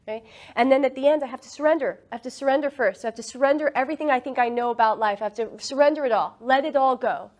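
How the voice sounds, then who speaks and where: A woman leading a casual spiritual talk about breath and meditation, earnest and quick to laugh. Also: high voice. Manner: laughs often, earnest and enthusiastic.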